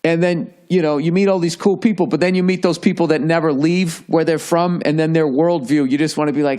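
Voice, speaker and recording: A man's voice: on the high side, fairly quick, hardly any pauses. A man hosting a podcast, rambling through a profane comedic monologue with lots of restarts and mocking asides. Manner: animated storyteller. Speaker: podcast host.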